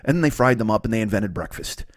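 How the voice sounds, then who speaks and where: A man in his forties hosting a comedy podcast, riffing through a profane, excitable monologue. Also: fairly low pitch, fast, no echo, clean studio sound. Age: 40s.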